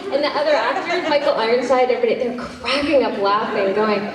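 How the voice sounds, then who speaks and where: A woman's voice: on the high side, fast, a crowd in the background. A woman, an actress and director, answering fan questions at a convention panel in a chatty, self-interrupting way with easy laughs. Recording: echoey hall from far off, faint noise.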